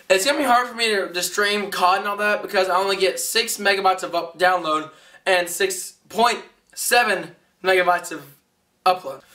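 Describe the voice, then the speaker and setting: A young man giving a rambling, excitable vlog update, heard through a camera mic a little way off. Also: high voice, recorded from a distance. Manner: rambling, excitable, self-correcting. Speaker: vlogger.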